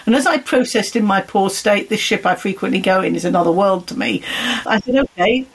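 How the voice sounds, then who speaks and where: A woman's voice: mid-range voice, a little fast, breathy edge, poor audio. A woman, a guest archaeologist and lecturer, telling stories in conversation and acting out the dialogue. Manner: animated, acts out dialogue in her stories. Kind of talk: conversational storytelling.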